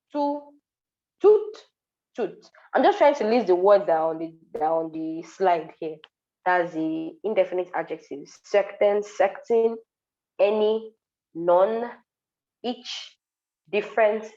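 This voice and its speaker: A woman teaching a French class online, explaining patiently, repeating words and pausing with ums. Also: medium pitch, a little mellow, lo-fi sound. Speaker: French tutor.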